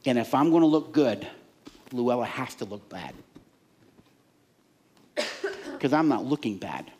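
A male pastor preaching a sermon, animated, acting out the voices in people's heads and the fans in the stands. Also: mid-range voice, unhurried, background noise.

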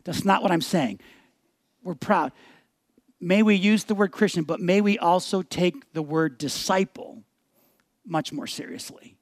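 A pastor in his forties preaching a sermon, telling candid personal stories with animation and then slowing into a prayerful tone. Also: sits high, no echo. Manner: animated, candid storyteller, shifting to a slower, prayerful tone.

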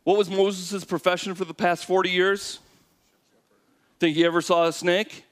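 A male preacher with a high, clean-toned voice speaks at normal speed. In his sermon he acts out what God and Moses say, telling the story vividly and questioning those listening.

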